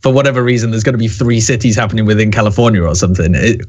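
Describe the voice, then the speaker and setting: Quick male panelist, mid voice, brisk explaining. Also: on the low side, steady tone, darkish tone, highs cut off. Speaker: podcast guest, commentator. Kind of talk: casual panel discussion.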